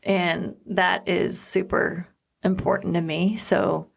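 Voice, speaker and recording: A woman co-hosting a podcast with her husband, talking things over in a casual, earnest way. Her voice sits low and carries a steady gravelly fry. She reflects as she talks and often pauses to find the right words. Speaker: podcast co-host. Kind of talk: casual chat.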